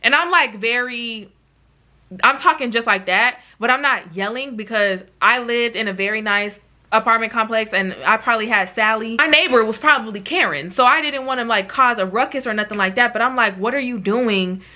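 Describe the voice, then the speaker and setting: A woman telling a dramatic storytime to her viewers, animated and profane, often addressing them as y'all. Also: on the high side, a little fast. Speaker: YouTube storyteller. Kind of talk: casual storytime.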